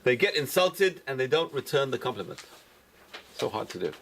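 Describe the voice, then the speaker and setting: A man's voice: medium pitch, very animated, moderate pace, vocal fry, a bit bright, slight background noise. A man, a rabbi, teaching a class and repeating his key points for emphasis. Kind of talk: lecture-style Torah class.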